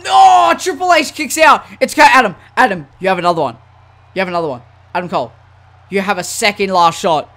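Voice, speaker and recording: A man giving casual, slangy commentary over a wrestling video game, swinging from low muttering to excited shouts. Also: fast talker. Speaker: gaming YouTuber.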